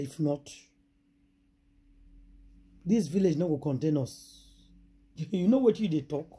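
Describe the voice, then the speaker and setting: A woman with a Nigerian accent tells a juicy gossip story in a husky, breathy voice. She retells it dramatically, repeating her exclamations for effect. The tone stays casual, like a host chatting to her regular viewers. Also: lowish voice, warm tone.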